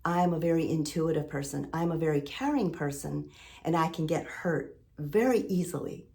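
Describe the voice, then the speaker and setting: A woman's voice: deep voice, normal speed, a little mellow. A middle-aged woman vlogging a heartfelt motivational monologue, earnest and emotional, repeating phrases for emphasis. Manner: earnest, emotional, full of sailing metaphors. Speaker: lifestyle vlogger.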